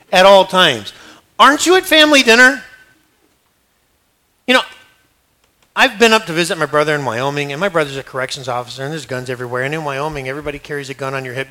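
A man's voice: fairly high pitch, sharp tone. A male pastor preaching in a conversational, joking way, acting out scenes as he teaches. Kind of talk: sermon.

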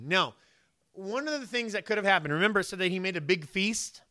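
A man preaches with a high, bright voice. He asks his listeners questions and slips into the voices of the people in the story. The sound is close and dry, with no room around it. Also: fast talker, dry recording. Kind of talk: sermon.

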